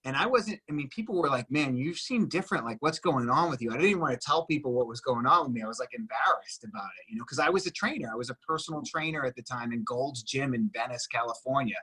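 A young man from Boston, a breathwork guide and former personal trainer, explaining in an earnest, animated way during a casual conversation. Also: medium pitch, fast, hardly any pauses, husky, poor audio.

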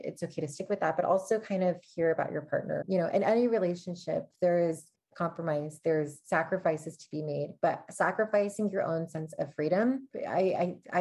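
Young woman rambling through an advice story, lowish voice, lots of likes and you knows. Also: darkish tone. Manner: candid storytelling, many fillers. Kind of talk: casual advice chat.

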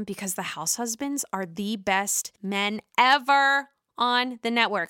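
A woman's voice: mid-range voice, normal speed, few pauses, fairly bright tone, no room sound, clean studio sound. A woman giving a casual, opinionated and profane recap of a reality show.

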